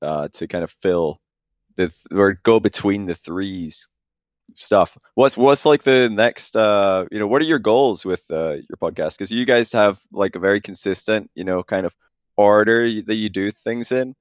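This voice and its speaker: A man's voice: fairly low pitch, moderate pace, no room sound, clean studio sound. A man hosting a podcast, enthusiastic and chatty, asking rambling questions. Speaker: podcast host. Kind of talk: casual podcast interview.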